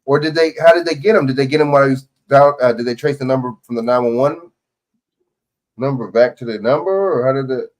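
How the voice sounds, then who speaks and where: A man's voice: mid-range voice, fairly even intonation, fast. A man hosting a live stream, reacting to a news clip in rambling, profane casual chat full of questions.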